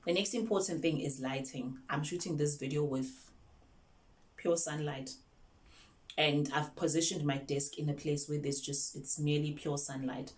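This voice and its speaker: Low-voiced woman, chatty. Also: darkish tone. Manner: chatty, switches languages mid-sentence. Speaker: online English teacher. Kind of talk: casual advice vlog. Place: at a desk in a sunlit room.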